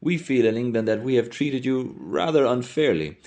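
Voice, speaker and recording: A man's voice: medium pitch, animated, normal speed, darkish tone, voice pushed up, close to an everyday voice. A man voicing a polite, earnest young Englishman with a mannered way of speaking.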